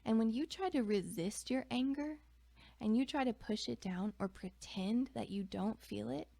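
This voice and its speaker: A woman teaching about emotions in a gentle guided reflection, often dropping her voice to a soft whisper. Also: on the high side, normal speed, vocal fry, dry recording.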